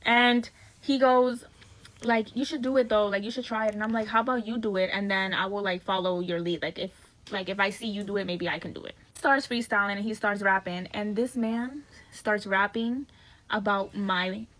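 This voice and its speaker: A woman's voice: medium pitch, steady tone, normal speed, a bit bright, rough recording. A young woman bluntly recounting a bad date in a casual, profane storytime. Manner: blunt, profane, exasperated retelling. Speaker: storyteller in a viral video.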